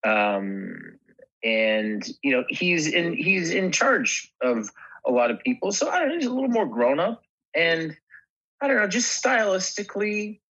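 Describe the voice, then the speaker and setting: Husky man talking with many restarts. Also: fairly high pitch, sing-song, fairly bright tone, highs cut off. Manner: halting, many restarts and fillers. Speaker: actor guest. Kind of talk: casual interview chat.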